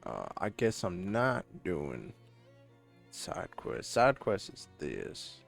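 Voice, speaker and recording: A man's voice: low-pitched, wildly swooping pitch, slow, creaky, faint music behind. A man streaming a video game, chatting casually and playfully, reading the game's text aloud in a half-put-on cowboy drawl. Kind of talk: casual let's-play commentary.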